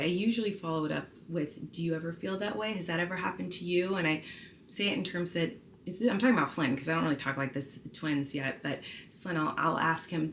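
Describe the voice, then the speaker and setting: A woman's voice: deep voice, fairly even intonation, fairly quick, slight background noise. A woman in her thirties vlogging at home, answering viewer questions in a candid, rambling way with many fillers. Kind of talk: casual talk to camera, answering viewer questions.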